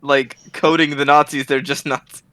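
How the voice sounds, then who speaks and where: Bright teasing man on a call. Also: on the high side, level tone, moderate pace, clear, resonant tone, no room sound. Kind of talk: casual chat during a game break.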